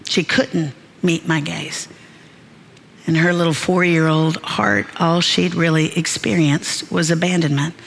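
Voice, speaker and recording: A woman's voice: on the low side, gravelly, a little hiss or hum, rough recording. An older woman, preaching a sermon with folksy, humorous storytelling. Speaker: speaker.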